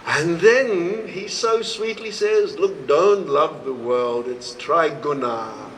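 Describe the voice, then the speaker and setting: A man, a swami, giving a devotional talk to a live audience, telling stories slowly and acting out the dialogue. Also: a little hiss or hum, rough recording. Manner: slow, storytelling, acts out dialogue with expressive rises in pitch. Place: retreat hall, recorded live.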